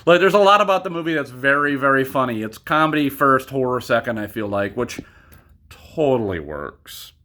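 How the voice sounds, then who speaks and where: A man's voice: mid-range voice, lively intonation, normal speed, pushed and bright, slight background noise. A young man chats casually about a movie in a plain mid-range voice. He swears freely and keeps drifting off on tangents before finding his way back to the point. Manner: rambling, profane, goes off on tangents. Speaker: movie reviewer. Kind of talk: casual spoken review.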